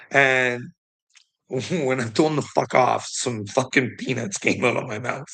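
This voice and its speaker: A man's voice: medium pitch, fairly even intonation, takes it slowly, creaky, long pauses, pushed and bright. A middle-aged man in a swearing, ranting monologue who taunts his listener as "bud" and keeps breaking into laughter. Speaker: vlogger.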